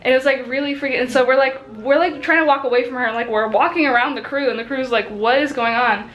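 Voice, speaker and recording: A woman's voice: high voice, fairly even intonation, very fast, fairly bright tone, muffled recording. A woman in her twenties, a college student, telling a story in a casual, chatty way, with many fillers and acted-out quotes. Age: 20s.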